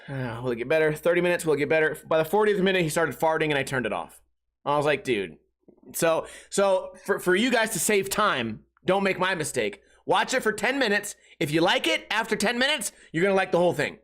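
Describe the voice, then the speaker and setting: Male podcast host, high and bright voice, casual exasperated comic rant. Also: animated, brisk. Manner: exasperated storytelling, mimics friends in raised voice.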